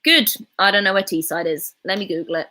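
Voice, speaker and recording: A woman's voice: mid-range voice, fairly quick, sharp tone, slight background noise. A woman in her twenties with a Southern English RP accent, chatting casually on a livestream and reading viewer comments aloud. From England. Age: 20s. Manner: chatty, rambling, reads chat aloud. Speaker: livestreaming YouTuber.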